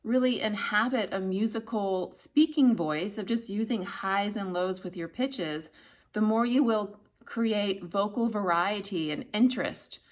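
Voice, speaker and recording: A middle-aged woman voice coach at a medium pitch, speaking directly to her viewers. She explains steadily and expressively, and she shows the highs and lows of her voice as she teaches. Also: a little slow. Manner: expressive, demonstrates pitch and volume shifts. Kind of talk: instructional video talk.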